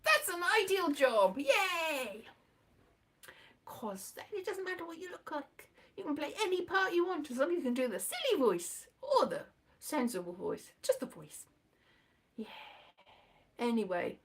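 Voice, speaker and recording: A woman's voice: high voice, very animated, measured pace, a bit bright. A woman vlogger rambling casually to her viewers, giggly and self-mocking.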